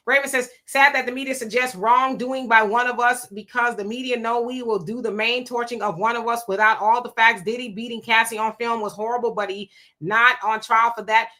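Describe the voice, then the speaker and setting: A livestream host with a slightly high voice, pushed and bright, chats casually while reading viewer comments aloud. She's opinionated and talkative, tossing in laughing asides as she weighs in.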